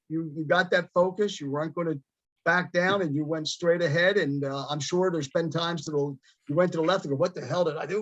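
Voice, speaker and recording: A man's voice: fairly high pitch, no room sound, lo-fi sound. A man speaking on a group call in an emphatic, preachy way, building his points on metaphors. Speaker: veteran group member. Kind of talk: motivational remarks on a group call.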